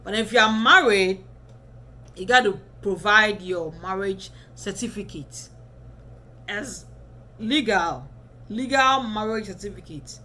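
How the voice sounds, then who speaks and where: A woman's voice: medium pitch, slow, long pauses, bright, forceful tone. A woman in her twenties giving casual advice to camera as a vlogger, chatty and often checking in with the viewer. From Ghana.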